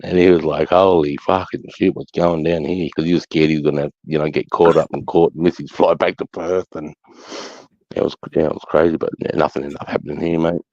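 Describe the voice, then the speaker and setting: A man's voice: rumbling low, little pitch movement, quick pace, a little mellow, no echo. A middle-aged Australian man telling stories in casual chat, blunt and sweary. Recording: dull lo-fi sound.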